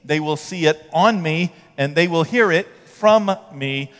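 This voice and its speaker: A man's voice: a little high, unhurried, a bit bright, long reverb tail. A man pastor preaching a conversational sermon to his congregation, acting out mocking quotes and pushing up into emphatic peaks. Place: church sanctuary.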